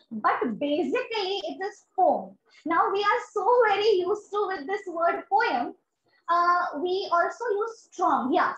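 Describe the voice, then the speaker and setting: A woman's voice: extremely high pitch, a bit bright. A woman with an Indian English accent, teaching an online exam-prep English class and praising students often. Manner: encouraging, repeats "very good" and "amazing". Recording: roomy, dull lo-fi sound.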